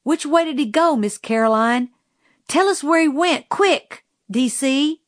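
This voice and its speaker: A woman's voice: fairly high pitch, expressive, moderate pace, dry recording, studio quality, pitched above the performer's own voice, natural voice. A woman reading aloud voices an earnest, kindly young schoolboy with eager, urgent country speech.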